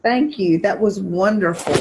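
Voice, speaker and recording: A woman's voice: mid-range voice, a little slow, background noise. A woman hosting a meeting on a video call, thanking the speaker and making announcements in a chatty way. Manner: friendly, chatty, with fillers. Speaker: host. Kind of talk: casual meeting chat.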